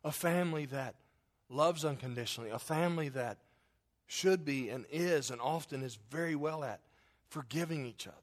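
A man preaching a sermon and telling a family story in a folksy way, moving between loud emphasis and quiet, hushed lines. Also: on the high side, normal speed. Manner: acts out quotes in his story. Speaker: pastor.

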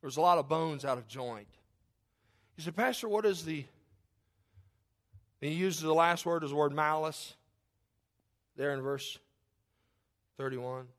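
A middle-aged man, a pastor, preaching a sermon in a conversational, joking way, moving between loud outbursts and quiet confession. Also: a little high, a little slow, pauses often.

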